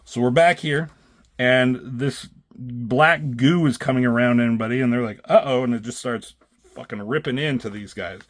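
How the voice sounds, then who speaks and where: A man's voice: medium pitch, fairly even intonation, normal speed. A man reviewing comic books in a loose, rambling way, swearing freely and often correcting himself. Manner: loose and profane, with many fillers and self-corrections.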